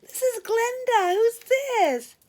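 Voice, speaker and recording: A woman voicing a breezy, friendly female receptionist in a very high, sing-song chirp. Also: animated, slow, darkish tone, full character voice. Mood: chirpy.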